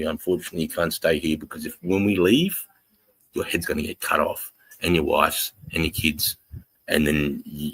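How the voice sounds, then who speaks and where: A very deep-voiced Australian man in his forties talks casually on a livestream, swearing freely. He reads out the chat and greets viewers as brother in a blunt, friendly way. The sound is close and dry, with no room around it. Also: steady tone, normal speed, fairly bright tone, husky, dry recording, low-quality recording. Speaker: livestream host reading chat.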